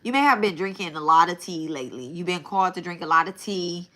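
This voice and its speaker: A woman reading tarot on a live stream, talking casually and bluntly with plenty of restarts. Her voice sits on the low side yet sounds bright and forceful. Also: lively intonation, fast. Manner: casual, repeats and restarts phrases; blunt, swears. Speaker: tarot reader.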